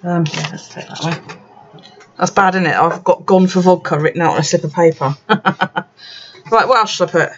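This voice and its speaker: Speaking at a moderate pace in a lowish voice, this woman drinks while working on her bullet journal, tipsy and chatty. She swears and laughs often. Faint background noise runs under the dull, lo-fi sound.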